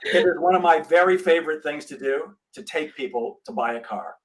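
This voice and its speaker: A man's voice: on the high side, fairly quick, poor audio. A middle-aged man, a sales trainer and guest, telling a story in a podcast interview and acting out the dialogue. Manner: animated storyteller, acts out dialogue.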